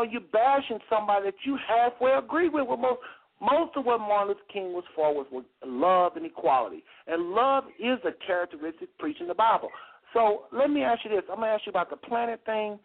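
A man's voice: high-pitched, gravelly. A man hosting a heated call-in radio debate, cutting in and repeating his questions insistently. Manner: insistent, repeats himself to interrupt. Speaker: radio show host. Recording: tinny phone-line radio audio.

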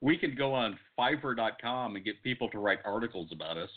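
A man's voice: medium pitch, animated, brisk. A man co-hosting a podcast in casual, profane chat, blunt and dismissive. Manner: blunt, dismissive, swears a lot. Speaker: podcast co-host. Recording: tinny phone-like sound.

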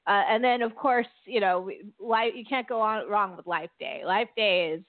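A woman's voice: medium pitch, moderate pace, dry recording. A woman co-hosting a casual podcast chat, talking loosely with many fillers and frequent laughs. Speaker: podcast co-host. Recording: dry, phone-like line.

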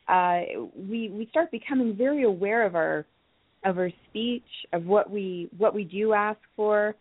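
A gentle, hesitant woman from Canada, pausing often and restarting her sentences as she explains. She comes through a thin, tinny phone line with a dry, close sound. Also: medium pitch, no room sound. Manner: soft-spoken, hesitant, many ums and restarts. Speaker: crystal healing teacher. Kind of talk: phone-in talk show guest.

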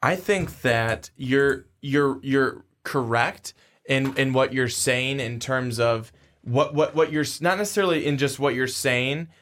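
A man's voice: mid-range voice, a little slow, a bit bright. A man in his twenties co-hosting a sports podcast, talking in casual chat and often repeating words as he starts a thought. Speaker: podcast co-host.

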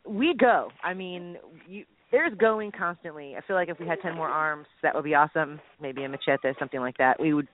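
A woman hosting a casual Christian radio chat, excitable and quick to laugh and exclaim. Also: low voice. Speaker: radio show host. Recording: tinny phone-like line, dry.

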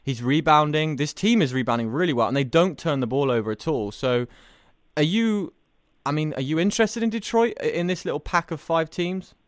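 A man's voice: on the high side, lively intonation, brisk, no echo, studio quality. A man hosting a sports podcast, talking in an upbeat, chatty way. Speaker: podcast host. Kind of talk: casual sports podcast chat.

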